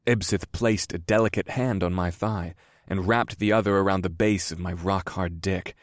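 Low male voice reading an audiobook, slow and measured, dry close sound. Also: fairly even intonation, no room sound. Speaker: narrator. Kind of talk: first-person audiobook narration.

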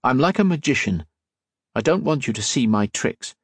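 A man voicing a calm young male infiltrator, earnest and polite. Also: medium pitch, moderate pace, slightly rough, no echo, clean studio sound, pitched above the performer's own voice.

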